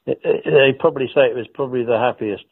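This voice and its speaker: A man's voice: mid-range voice, quick pace, creaky, breathy edge, no room sound. A man reminiscing in a rambling way about an old colleague, chuckling often and restarting his sentences, heard over a phone line. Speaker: former co-star and guest. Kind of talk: anecdotal reminiscing.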